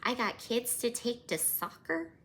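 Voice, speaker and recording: A woman voicing a frazzled, busy passerby who rattles off excuses in a flustered voice that climbs higher and higher. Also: very animated, a little slow, a bit bright, slight background noise, exaggerated voice. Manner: flustered, rising and squeaky.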